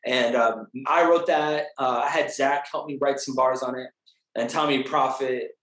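A man's voice: medium pitch, fairly even intonation, moderate pace, a bit bright. Man, music producer, casual interview, upbeat, chatty, hesitant fillers, echoey room. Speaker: music producer and artist interviewed about an album.

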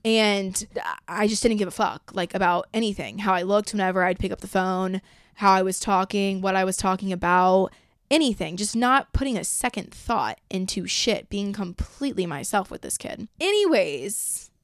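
A woman's voice: mid-range voice, normal speed, no echo, clean studio sound. A young woman in her twenties hosting a podcast, talking casually in a blunt, profane, chatty way. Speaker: podcast host. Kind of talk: casual chat.

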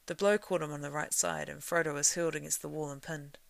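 A woman reads a story aloud in a low, gravelly voice. She keeps a steady storytelling line and lets it swell in the action. The sound is close and dry, with no room around it. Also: quick pace, no echo. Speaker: reader. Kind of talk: reading a novel aloud.

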